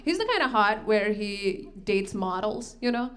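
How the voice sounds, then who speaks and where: Speaking a little slowly, a young woman from Texas performs stand-up in a comedy club, her medium-pitched voice swinging widely up and down. Her humor is dry and self-mocking, and she laughs into her own lines while the crowd laughs loudly on the live club recording.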